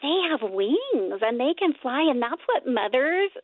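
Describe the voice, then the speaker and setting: A woman guest on an interview, talking in a rambling, self-correcting way, with a high, squeaky voice. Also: big pitch swings, a little slow, no room sound. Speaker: guest, nonprofit co-founder. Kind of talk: casual interview talk. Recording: dry, phone-like line.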